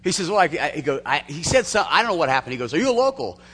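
A male pastor delivers a sermon in an animated, storytelling manner, with frequent restarts and laughter breaking in. His voice is bright and swings widely in pitch. The sound carries a long reverb, as in a large church hall. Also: very fast, husky.

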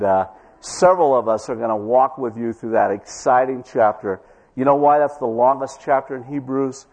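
A male pastor delivers a sermon in a church, his voice slightly husky and breathy. He tells a story to the congregation, drawing out his key words for emphasis. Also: mid-range voice, darkish tone, big-room sound. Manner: storytelling preacher, slows for emphasis.

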